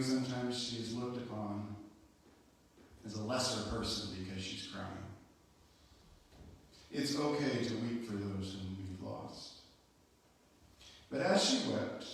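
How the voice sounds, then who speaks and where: A pastor delivers his sermon with a relaxed, conversational storytelling manner, dropping casual asides as he goes. The man's voice sits a good distance from the microphone. It rings out through a long, reverberant hall. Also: mid-range voice. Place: church sanctuary. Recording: echoey church hall from far off.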